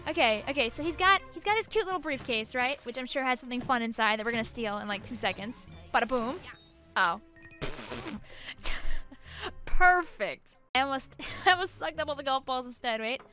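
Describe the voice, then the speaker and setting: A young woman streaming a video game, chatting excitably, giggling and shrieking at the screen. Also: high voice. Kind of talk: gameplay commentary.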